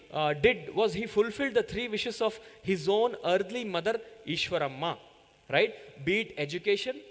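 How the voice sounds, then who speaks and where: A man giving an earnest devotional talk to children, often checking in with "right?" and "yeah?". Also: high-pitched. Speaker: youth coordinator giving a talk. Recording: echoey hall reverb.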